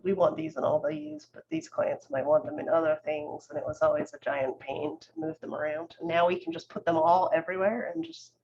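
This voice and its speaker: A gravelly voice at a middle pitch belongs to a co-host who reads viewer comments aloud on a livestream. The delivery is relaxed and wry, with easy laughter. Faint hiss sits under dull, lo-fi computer audio. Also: brisk, hardly any pauses. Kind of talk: casual conversational livestream chat.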